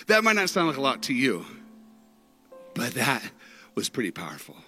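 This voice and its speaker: A man preaching a sermon through stories, dramatic, with big swings in pitch and loudness. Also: huge pitch swings, normal speed, long pauses, slightly rough, faint music behind. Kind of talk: sermon storytelling.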